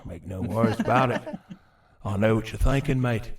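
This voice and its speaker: A game master voicing an ancient male god of madness who talks in Australian slang with a put-on Australian accent, low and coaxing. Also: natural voice. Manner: slow, low, coaxing and menacing.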